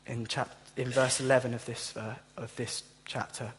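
Man, pastor, impassioned sermon, husky voice, long hall reverb. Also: medium pitch, moderate pace, hardly any pauses. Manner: impassioned preaching, direct address to listeners. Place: church.

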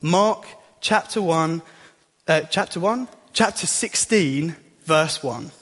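High-voiced young preacher. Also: male voice, lively intonation, slow, a bit bright, husky. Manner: chatty and self-deprecating. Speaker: youth leader preaching. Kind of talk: sermon. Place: church hall. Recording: long hall reverb.

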